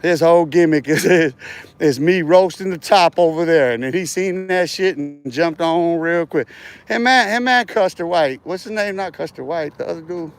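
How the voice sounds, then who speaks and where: A man's voice: fairly high pitch, normal speed, clear, resonant tone. A man talking on a livestream in a rambling, profane, boastful way, laughing between remarks and often trailing off and restarting. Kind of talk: rambling casual livestream talk.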